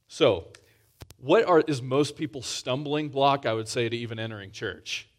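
A man's voice: medium pitch, normal speed. A man preaching a sermon in a conversational way, often restarting phrases and pushing up for emphasis.

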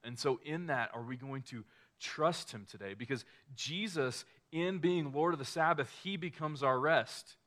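A man's voice: a little high, moderate pace, fairly bright tone. A man preaching a sermon in a casual, conversational way, often restarting phrases and acting out quoted lines.

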